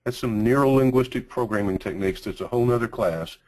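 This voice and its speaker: A man with a Texas accent teaching a sales training class, speaking slowly with deliberate pauses and emphasis. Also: mid-range voice, a little mellow, poor audio.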